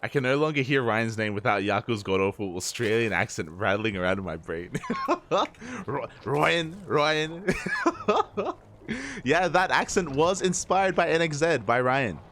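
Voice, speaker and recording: A man giving lively play-by-play commentary on a live game as an esports caster, joking and laughing as he talks to the chat. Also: medium pitch, moderate pace, slight background noise.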